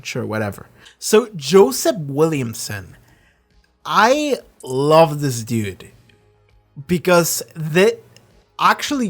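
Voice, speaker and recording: Excitable, foul-mouthed TV show reviewer. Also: medium pitch. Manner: excitable and rambling, swears freely; acts out characters in quick voices. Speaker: reaction channel host. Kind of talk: casual review chat.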